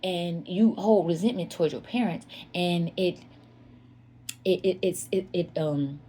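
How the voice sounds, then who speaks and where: Woman, lowish voice, candid storytime vlog, emphatic, confessional, repeats for emphasis, talks to viewers directly. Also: measured pace, warm tone, breathy edge. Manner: emphatic, repeats herself, often addresses listeners as "y'all"; confessional and earnest. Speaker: vlogger telling a personal story.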